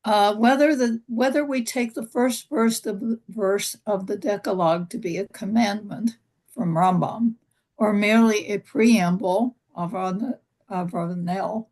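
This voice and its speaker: A woman reading a text aloud for a class over a video call, careful and halting, with restarts. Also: medium pitch, a little mellow, poor audio.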